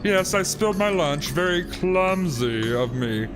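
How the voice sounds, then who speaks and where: Guy putting on a lispy creepy innkeeper, high-ish voice, weird stress on words, game music low behind. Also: animated, measured pace. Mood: smooth denial. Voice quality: exaggerated lisp. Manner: odd word stress, cheerfully sinister. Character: creepy lisping male innkeeper, butcher family. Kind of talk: reading game dialogue aloud.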